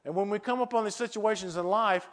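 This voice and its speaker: A man's voice: high voice, quick pace, a bit bright. An older man preaching a sermon with earnest, repetitive phrasing and many rhetorical questions.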